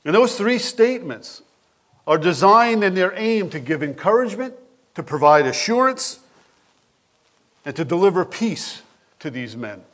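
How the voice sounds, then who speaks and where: A male pastor preaching a sermon at an unhurried, deliberate pace. His voice sits a little higher than most men's, and his delivery is expressive and animated as he puts questions straight to the congregation. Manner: asks the listeners questions directly.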